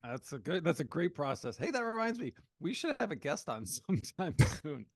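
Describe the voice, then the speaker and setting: A man's voice: on the high side, sing-song, brisk, dry recording, clean studio sound. A man co-hosting a podcast, chatting casually and telling stories in a playful, laughing way. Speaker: podcast co-host. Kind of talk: casual chat.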